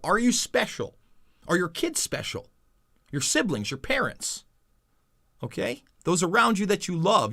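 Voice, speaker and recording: A man hosting a commentary show, ranting and mocking over news clips with heavy repetition. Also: on the high side. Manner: animated, mocking, repetitive emphasis. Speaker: commentary host.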